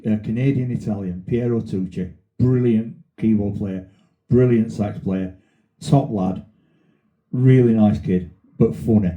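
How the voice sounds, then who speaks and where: A man's voice: lowish voice, mellow, lo-fi sound. A man with a Sheffield accent hosting a casual podcast, telling rambling, sweary stories. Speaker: podcast host. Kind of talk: casual banter.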